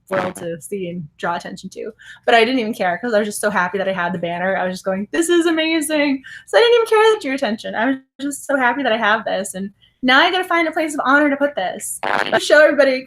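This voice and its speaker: A woman chatting casually in a book vlog, excitable and giggly, rambling and correcting herself as she tells stories. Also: fairly high pitch. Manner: giggly and excitable, laughs often; rambling, self-correcting storytelling. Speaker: book vlogger. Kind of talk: casual chat.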